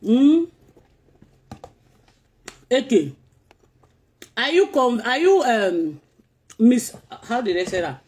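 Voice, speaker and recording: Here the vlogger's voice sits on the high side with a darkish tone, very animated yet slow, with frequent pauses. She reads her stream's comments and rants back, confronting the commenters with taunting questions she keeps repeating.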